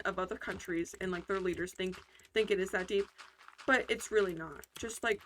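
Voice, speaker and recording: A woman's voice: mid-range voice, fairly even intonation, moderate pace, a bit bright. A woman hosting casual gameplay commentary, talking in a rambling, heated way with lots of fillers and restarts. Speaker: gaming channel host.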